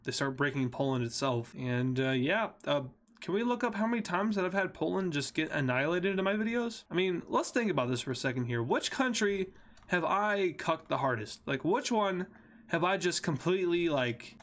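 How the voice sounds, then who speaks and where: A young man casually narrating a map scenario video, with joking asides and frequent fillers. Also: fairly high pitch. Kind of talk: casual commentary over a map animation.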